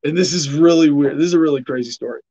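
A man's voice: a little high, fast talker, mellow, slightly rough, muffled recording. Sardonic male podcast host. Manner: sardonic, riffing on headlines with laughs and restarts. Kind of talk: casual news commentary.

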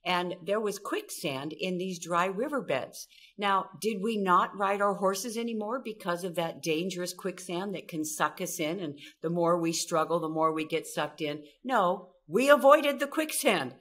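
Middle-aged woman from Southern California, animated expert guest, acts out dialogue. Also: fairly low pitch, moderate pace, few pauses. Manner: animated, acts out quoted voices. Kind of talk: storytelling interview talk.

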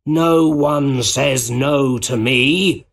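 A man with a husky voice voicing a menacing male supervillain in a storybook reading, slow and heavy. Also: lowish voice, heavily acted. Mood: angry.

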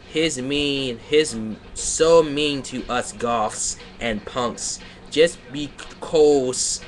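A slight hiss or hum sits under this man's pushed, bright, medium-pitched voice as he performs a comedic reading of a poorly written fan fiction. Sarcastic throughout, he interrupts himself to mock the story, ranting and laughing.

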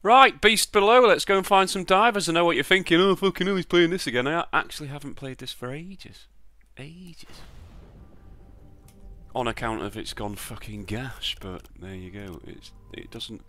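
A British slot streamer with a high-leaning, pushed and bright voice speaks at normal speed with lively intonation over soft background music. He gives sweary, sarcastic commentary on his own spins, muttering to himself between outbursts.

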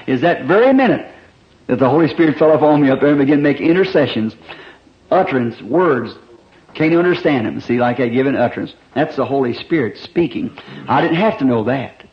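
A man preaches an old-time revival sermon in an animated, slightly fast delivery and a voice on the high side. He tells stories while swinging between loud emphasis and hushed asides, recorded dully in a 1960s church.

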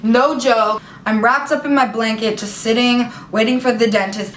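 A young adult woman with a fairly high voice tells a personal story straight to camera, animated and dramatic, with lots of "like" fillers. Her voice bounces around an echoey room. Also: moderate pace, a little hiss or hum. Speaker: vlogger.

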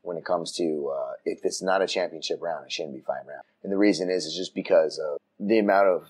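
A man on a casual podcast, telling a story with lively voices for the people in it. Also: deep voice, a little fast, breathy edge. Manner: animated storytelling, acts out voices, frequent restarts. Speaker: podcast co-host. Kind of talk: casual chat. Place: room outside the usual studio.

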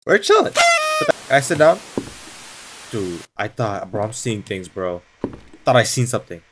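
A man's voice: fairly low pitch, wildly swooping pitch, unhurried, slight background noise. Jumpy young man narrating a horror game. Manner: jumpy, shouting and muttering to himself. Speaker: gaming YouTuber. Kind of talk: horror game let's play commentary.

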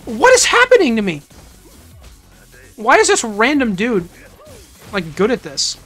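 Bright, excitable young streamer. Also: medium pitch, unhurried, faint music behind. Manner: excitable, exclamatory reactions. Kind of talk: casual gaming commentary.

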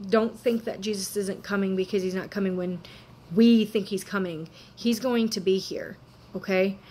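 A woman's voice: medium pitch, darkish tone. A woman in her thirties with a swollen throat and fever, talking earnestly and rambling in a casual faith vlog. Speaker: Christian vlogger.

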